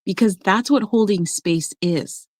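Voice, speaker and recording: A woman who works as an emotional coach, talking in a casual podcast conversation and telling stories with lively acted-out voices. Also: medium pitch, measured pace, no room sound. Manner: animated storyteller, acts out quoted voices.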